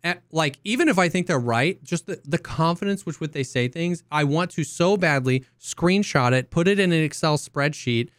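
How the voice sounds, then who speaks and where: A man co-hosting a podcast, rambling and animated, full of restarts and mocking impressions. His voice sits a little high, and the sound is dry and close. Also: moderate pace, hardly any pauses, no room sound. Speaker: podcast co-host and streamer. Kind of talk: casual podcast chat.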